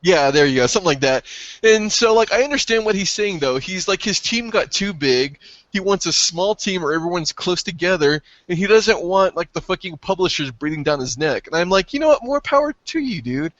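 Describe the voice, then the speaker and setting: High-voiced guy ranting about games, swears a ton, dry lo-fi mic. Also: brisk, no room sound. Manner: excitable, profane, shouts and yelps when excited. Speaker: podcast co-host. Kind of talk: casual gaming chat.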